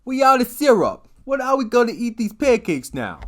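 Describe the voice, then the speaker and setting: A man putting on the voice of a brash male gangster lackey, shouting with swagger. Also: very high voice, sing-song, normal speed, pitched above the performer's own voice.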